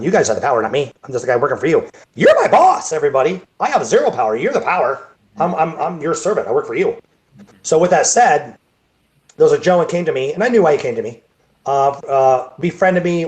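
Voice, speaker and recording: Over a video call, a man who promotes bodybuilding shows rambles through a story for an interview, often repeating himself and starting sentences over. He has a mid-range, slightly mellow voice.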